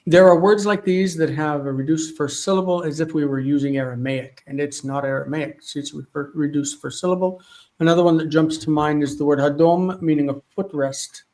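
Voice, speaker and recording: A Hebrew teacher leads a live online class from a home studio lit by a single light, working through texts and thinking aloud as he pauses mid-sentence to check references. His voice is a little high and dark in tone, with fairly even intonation and a slightly fast delivery. The audio quality is poor.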